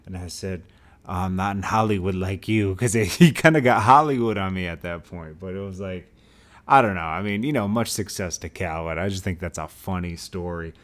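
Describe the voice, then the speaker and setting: Brief: young male vlogger, deep voice, casual storyteller who bursts into loud high-pitched impressions. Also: normal speed. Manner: animated, acts out quotes with loud high outbursts.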